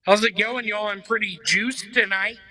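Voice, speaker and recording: A man doing a stand-up set, delivering deadpan one-liners with hesitant fillers between jokes. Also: high voice, moderate pace, rough recording. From Memphis, Tennessee. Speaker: stand-up comedian.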